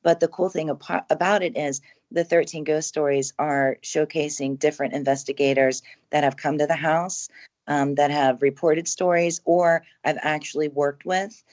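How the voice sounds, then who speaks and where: A woman's voice: sits low, fairly even intonation, normal speed, darkish tone, lo-fi sound. A woman chatting casually as a podcast guest, earnest and rambling, with many fillers and restarts. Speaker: haunted house owner and author, guest.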